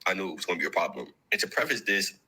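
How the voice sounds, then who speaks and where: A man's voice: sits low, lively intonation, very fast, pushed and bright, breathy edge, poor audio. A man from the United States telling a story in a chatty opinion clip, addressing the listener directly.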